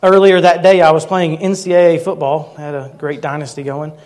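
A man in his thirties preaching a sermon, telling a personal story earnestly and slowing down to stress key words. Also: on the high side, little pitch movement, a little mellow. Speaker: pastor.

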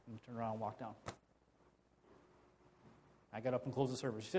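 A man's voice: mid-range voice, flat delivery, normal speed, pauses often, darkish tone, a little hiss or hum. A man preaching a sermon as a pastor, telling a personal story in a conversational way, often repeating and restarting phrases.

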